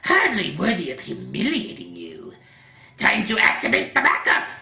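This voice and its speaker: Casting: a high, shouty maniacal mad-scientist villain, echoey room, dull sound. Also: male voice, huge pitch swings, moderate pace, gravelly, exaggerated voice. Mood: maniacal gloating. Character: cackling mad scientist villain, male adult. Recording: roomy, dull sound, faint music.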